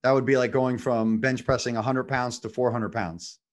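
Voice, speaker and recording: A man's voice: medium pitch, little pitch movement, normal speed. A man hosting a podcast, coaching with a motivational tone and frequent rhetorical questions. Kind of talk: conversational podcast.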